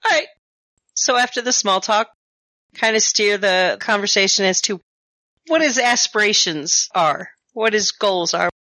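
Woman player, bright tone, dry close recording; chatty, in and out of character. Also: medium pitch, lively intonation, a little slow, no room sound. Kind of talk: tabletop role-play chat.

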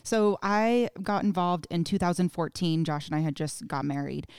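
A woman guest on a podcast, talking in an upbeat, energetic way about her community involvement. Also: fairly low pitch, clear, resonant tone, dry recording, studio quality. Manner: upbeat, energetic, quick to agree. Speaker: podcast guest, association leader. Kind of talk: casual podcast chat.

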